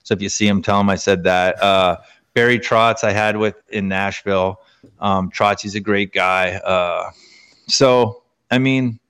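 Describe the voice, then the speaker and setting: A man's voice: on the low side, fairly bright tone. A man, a former pro hockey player, telling stories as a guest in a casual interview, rambling with many restarts.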